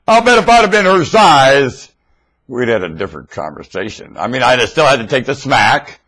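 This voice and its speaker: A man recorded on a webcam mic at home, rambling in a monologue that swings between loud outbursts and mumbling. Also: medium pitch, breathy edge.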